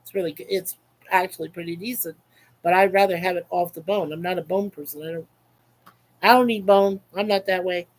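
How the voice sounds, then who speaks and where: A man's voice: high-pitched, fairly even intonation, a little fast, rough recording. A man hosting a casual webcam livestream, reading out chat comments in a rambling, chuckling, repetitive way. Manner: rambling, chuckling, repeats himself.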